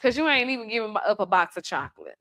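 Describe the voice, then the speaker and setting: In her kitchen, a woman hosts a casual home cooking demonstration, chatting playfully and teasing whoever is filming. Her medium-pitched voice is fairly bright and sing-song, and she talks quickly.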